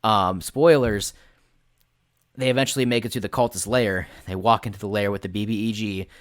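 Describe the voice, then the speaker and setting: A man hosting a podcast over a voice call, telling a tabletop game story in an animated way and swearing freely. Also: lowish voice, fairly quick, no echo, clean studio sound. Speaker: podcast host and game master. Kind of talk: casual storytelling chat.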